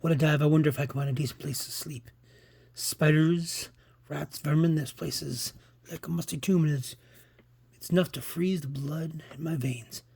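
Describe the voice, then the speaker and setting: A man voicing a cocky criminal hiding out, gloating in a husky, slightly high voice. It is a casual comic read-aloud rather than full acting. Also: fairly even intonation, normal speed, a little mellow. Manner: plain read-aloud delivery with stumbles.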